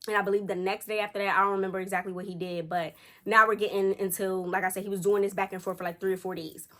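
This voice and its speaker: A young woman chats at home as a storytime vlogger, animated and chatty, acting out the quotes of people in her story. Her voice is medium-pitched and she talks fast.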